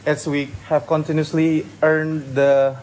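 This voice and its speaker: Fast-talking Indonesian-accented man. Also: fairly high pitch, level tone, a little mellow, slight background noise, poor audio. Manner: fast-talking, hesitant restarts. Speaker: retreat staff member. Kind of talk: casual interview. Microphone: phone held nearby.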